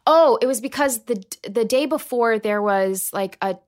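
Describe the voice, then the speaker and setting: A woman, a podcast guest, telling a personal story in an interview, animated and full of "like" fillers. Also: fairly high pitch, moderate pace.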